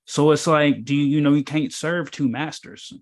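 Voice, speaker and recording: A man's voice: on the high side, fairly even intonation, moderate pace. A man giving a casual, preachy talk as a spiritual teacher at an informal meetup, rambling and emphatic, with many fillers and rhetorical questions.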